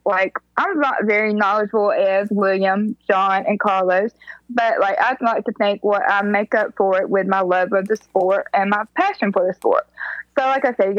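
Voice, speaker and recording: A woman, talking haltingly as a podcast co-host with lots of filler words. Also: mid-range voice, fairly bright tone, dry recording, lo-fi sound. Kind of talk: casual chat.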